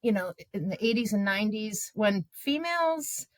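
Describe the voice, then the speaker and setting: A woman in her fifties, a journalist guest, telling her own stories in a candid, animated way with many filler words. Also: medium pitch, normal speed, no echo. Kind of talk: candid conversational storytelling.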